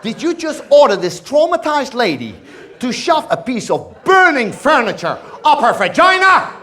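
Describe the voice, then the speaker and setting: A Dutch-accented man as a stern male fire captain in a stand-up bit, primly indignant. His high voice rises and falls widely. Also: wildly swooping pitch, moderate pace, pushed and bright, some chatter behind, heavily acted. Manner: indignant, prim.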